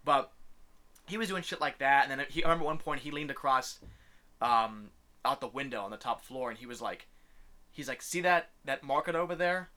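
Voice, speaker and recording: A man's voice: mid-range voice, fairly even intonation, fairly quick, pauses often, pushed and bright. A young man telling a story in a casual chat, swearing freely and laughing often. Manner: profane, ranting, laughs often.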